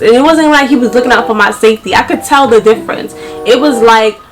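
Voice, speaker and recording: A young woman, telling a story to her viewers in an animated, slangy way. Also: a little high, fast talker, soft background music, low-quality recording. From New York. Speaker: vlogger.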